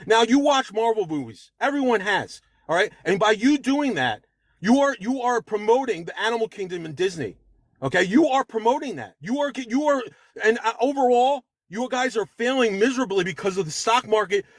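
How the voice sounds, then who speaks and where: A man with a notably high voice argues hard in an online debate. He rambles from point to point, gets worked up and curses. The sound is dry and close. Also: animated, normal speed, no room sound. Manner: rambling, agitated, swears. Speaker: debate caller.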